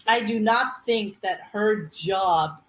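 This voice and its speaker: A woman's voice: mid-range voice, slow, a little hiss or hum, low-quality recording. Exasperated woman podcast co-host. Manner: exasperated, laughs easily. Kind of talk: casual comedic commentary.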